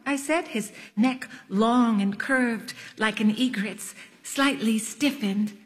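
A woman's voice: a little high, slow. A woman narrating her memoir in a wry, literary, self-mocking manner. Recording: long echoing reverb.

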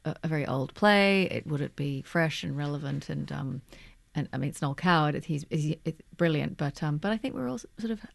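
A woman's voice: sits low, gravelly, dry recording. An actress, chatting in an interview and searching for her words as she talks. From Australia. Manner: warm, halting, searching for words. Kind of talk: casual interview chat.

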